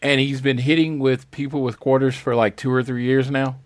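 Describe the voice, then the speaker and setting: A man co-hosting a casual wrestling podcast, speaking earnestly and in halting bursts. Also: mid-range voice, level tone, no echo, clean studio sound. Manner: earnest, halting, with many restarts. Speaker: podcast co-host.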